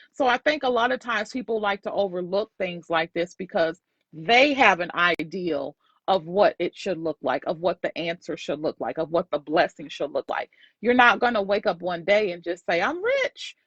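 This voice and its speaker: A woman's voice: medium pitch, fairly bright tone, no echo. Woman host, sales coach, motivational faith talk, emphatic, preachy, dry, dull lo-fi audio. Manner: emphatic, preachy, repeats lines for effect.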